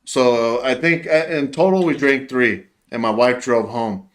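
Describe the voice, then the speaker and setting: A man's voice: medium pitch, a little slow. A young man casually telling profane stories on a podcast, acting out his own lines as he goes. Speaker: podcast co-host. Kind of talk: casual storytelling chat.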